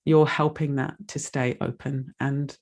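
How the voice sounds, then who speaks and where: A woman speaks with a gravelly, slightly fried voice as she makes a heartfelt donation appeal during an online meditation session. She rambles warmly and openly, sounding moved and close to tears. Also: rumbling low, little pitch movement, a little slow.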